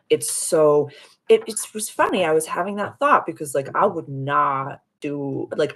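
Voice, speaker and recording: A woman hosting a casual live stream as a spiritual healer, gushing and affirming as she answers viewer comments. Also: low voice. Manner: soothing, affirming.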